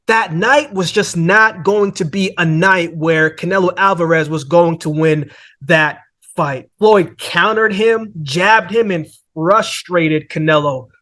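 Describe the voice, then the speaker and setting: Man, high pitch, casual fight analysis, conversational, fillers like "man" and "right?". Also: takes it slowly, sharp tone. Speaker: boxing analyst host. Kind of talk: casual boxing breakdown.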